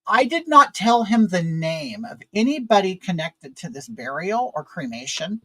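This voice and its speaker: A man's voice: high-pitched, big pitch swings, moderate pace, pushed and bright, no room sound, poor audio. A man hosting a casual chat, telling a frustrating story in an exasperated, rambling way with many fillers. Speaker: vlog host.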